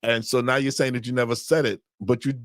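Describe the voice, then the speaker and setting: A man's voice: mid-range voice, level tone, fast talker, dry recording, studio quality. A man co-hosting a marriage podcast in casual chat, easygoing, often stopping and restarting his sentences. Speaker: podcast co-host.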